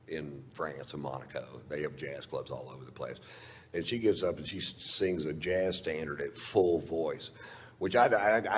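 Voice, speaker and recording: A man's voice: rumbling low, slight background noise. A middle-aged man doing stand-up, telling a long story in a laid-back, drawling, profane way. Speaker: stand-up comedian. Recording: live stage recording in a reverberant hall.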